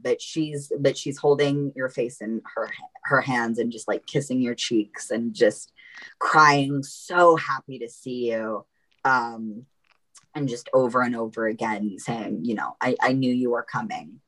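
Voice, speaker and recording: A woman narrating as game master in a tabletop role-playing game, halting and emotional with many fillers. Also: very deep voice, a bit bright, poor audio.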